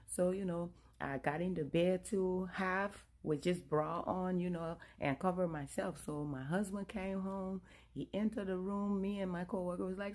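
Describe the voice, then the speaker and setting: A young woman telling a comedic storytime in a casual, animated way, quoting everyone. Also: on the low side, normal speed. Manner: animated, breathless quoting, rising to loud.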